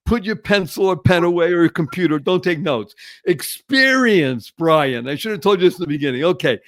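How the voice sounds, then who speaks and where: A man hosting a podcast, his voice sitting on the higher side. He talks with enthusiasm and puts a lot of emphasis into urging his listeners along. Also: expressive, fairly quick, a bit bright. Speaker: podcast host. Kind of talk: podcast interview.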